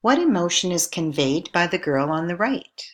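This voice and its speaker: A woman with a low voice narrates a recorded lesson. She speaks clearly and at a measured pace, posing question after question to her viewers as an instructor. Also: sing-song.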